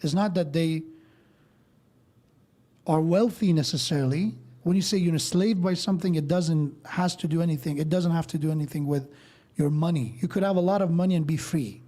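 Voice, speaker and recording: Mellow-voiced man giving a mosque sermon. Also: fairly high pitch, fairly quick. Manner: explains verses step by step, tells stories with quoted dialogue. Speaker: speaker at a mosque.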